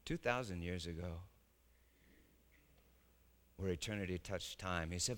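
A man preaching a sermon dramatically, swinging from hushed lines to shouting. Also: low-pitched, animated, moderate pace, long pauses. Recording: reverberant hall.

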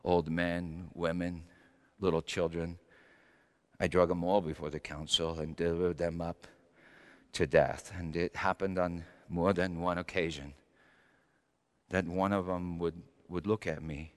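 A man playing a fiery, repentant Paul in a dramatic sermon monologue, stammering and repeating words as he drops to low murmurs and rises to shouts. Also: flat delivery, a little slow, long pauses, in a large hall. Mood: grave. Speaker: church speaker in character.

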